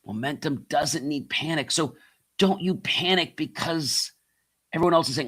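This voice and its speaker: Motivational host, middle-aged man, forceful bright voice, calls the audience "guys.". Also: fairly high pitch, lively intonation, a little slow, breathy edge. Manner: repeats key phrases, asks rhetorical questions; addresses listeners as guys. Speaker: podcast host and coach. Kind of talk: motivational monologue.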